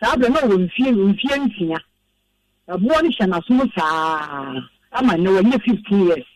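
A woman's voice: medium pitch, expressive, a little slow, distant mic, slight background noise, low-quality recording. A woman speaking as a guest on a radio show, explaining the steps of an herbal remedy patiently and repeating the key points. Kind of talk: radio interview.

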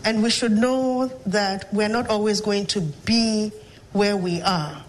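Heard on a low-quality recording, a Ghanaian woman with a mid-range voice speaks as a professor and guest in an interview conversation. Her storytelling is measured and reflective.

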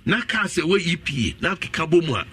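A Ghanaian-accented man speaks as an interview guest on radio, his voice high and swinging widely in pitch. The tone is bright and forceful, and the sound is close and dry. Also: brisk, no echo. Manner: animated, explanatory. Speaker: agency head, guest. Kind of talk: radio interview, mixing Twi and English.

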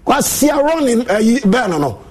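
A man's voice: extremely high pitch, big pitch swings, fairly quick, darkish tone, breathy edge. A Ghanaian man, a sports pundit, angrily scolding and insulting his listeners in a heated monologue.

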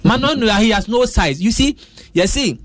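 A man breaks down football on a radio panel. He speaks in a slightly higher voice with emphatic stresses, often restarting his phrases. The sound is close and dry, from a studio mic. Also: animated, moderate pace, dry recording. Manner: emphatic, with hesitant restarts and pidgin turns. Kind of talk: radio sports analysis.

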